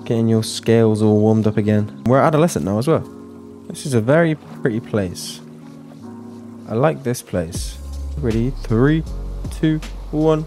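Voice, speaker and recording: A man's voice: medium pitch, a little slow, pauses often, dark tone, faint music behind. A British man giving casual, chatty commentary over his own gameplay, joking with his viewers. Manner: playful, chatty, jokes to viewers.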